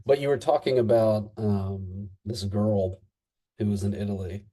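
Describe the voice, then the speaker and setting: A man in his thirties from the United States talks as a guest on a conversational podcast. His voice sits fairly low and has a mellow, dark tone. He talks in a halting way, stopping often for fillers and restarts as he recalls things. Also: steady tone. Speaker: interview guest. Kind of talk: casual conversation.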